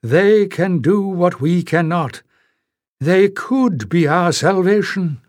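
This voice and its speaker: An ancient, cold-eyed male piper from a storybook, as a male narrator puts him on, his voice lifted higher than the reader's own. He speaks slowly and deliberately, weighing every word as he schemes. The reading is dry and close. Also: a little mellow, dry recording. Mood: urging. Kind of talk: audiobook character voice.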